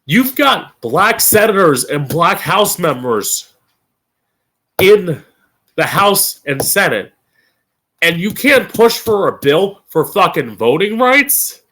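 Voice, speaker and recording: A man hosts his own live-streamed opinion show, tearing into his targets with blunt, profane sarcasm. His voice sits on the higher side for a man and leaps up and down in pitch. He stretches out words for scornful emphasis. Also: very animated, sharp tone. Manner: emphatic, drawn-out stress on key words. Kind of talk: ranting political commentary.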